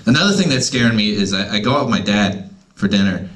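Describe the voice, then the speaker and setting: A man's voice: lowish voice, big pitch swings, fast, a bit bright. A man in his thirties doing a wry, self-deprecating stand-up comedy set at an open mic night.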